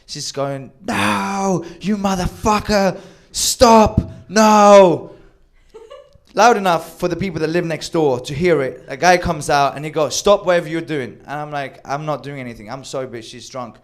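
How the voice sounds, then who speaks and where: A man telling a wild personal story with animated delivery, acting out quoted lines and swearing freely. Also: a little high, fairly quick, few pauses. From Sweden. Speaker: storyteller on a comedy show. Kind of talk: live comedic storytelling.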